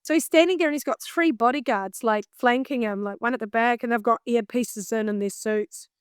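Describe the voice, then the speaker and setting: Animated New Zealand woman, smooth voice. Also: on the high side, a little fast, dry recording, clean studio sound. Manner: animated, laughing often, self-mocking. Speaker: singer and vocal coach, guest. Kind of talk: casual storytelling in an interview.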